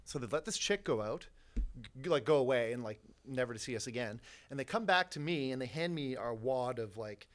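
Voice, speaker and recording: Podcast guest, Canadian man, animated storyteller who swears a lot, bright tone. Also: mid-range voice, a little fast. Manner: animated, profane, laughs through his story. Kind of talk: casual storytelling.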